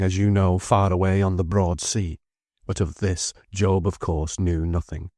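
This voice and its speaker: Low-voiced male audiobook narrator. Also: warm tone, dry recording, studio quality. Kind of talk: scripted narration.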